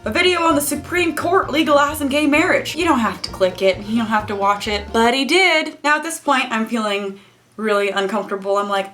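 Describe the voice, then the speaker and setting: A woman's voice: a little high, expressive, moderate pace, sharp tone. A young woman telling a story to camera from her home, chatty and wry, with self-mocking asides. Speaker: YouTuber. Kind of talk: storytelling vlog. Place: home room with camera lights.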